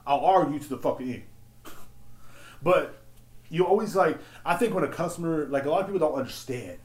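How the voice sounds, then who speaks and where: Profane, animated man ranting, echoey room. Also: medium pitch. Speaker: podcast host. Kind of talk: casual storytelling rant. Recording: roomy echo.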